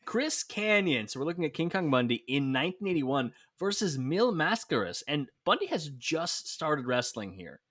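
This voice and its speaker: A man's voice: a little high, moderate pace, no room sound, clean studio sound. A man co-hosting a wrestling podcast in casual chat, talking, laughing and teasing his friend. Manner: chatty, laughing, lively teasing. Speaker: podcast co-host.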